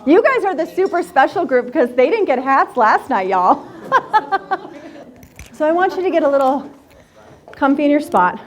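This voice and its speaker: A woman speaking with a voice pitched a little high for a woman, addressing a live group in a motivational workshop. She talks candidly and swears freely. She tells her stories with animated, playful energy. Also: moderate pace, pauses often. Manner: candid, profane, animated storyteller.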